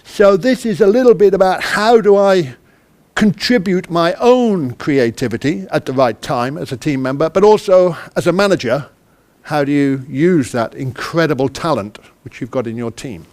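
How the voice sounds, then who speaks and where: A British conference speaker gives an interactive talk in a conference hall. His voice sits on the high side and sounds a little mellow, and he keeps a normal speed. He's chatty and self-deprecating, often quizzing the audience.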